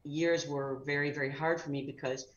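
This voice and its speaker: A chatty middle-aged woman with a low voice talks casually and rambles with fillers. Her audio sounds echoey and a bit dull, like a roomy remote feed. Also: fairly even intonation, moderate pace. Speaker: guest actress. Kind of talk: casual chat.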